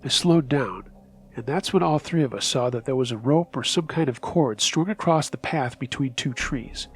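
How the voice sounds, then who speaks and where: Male horror narrator, raspy edge, mid-pitched, measured reading, faint music bed. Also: lively intonation. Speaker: storyteller host. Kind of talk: scripted horror story narration.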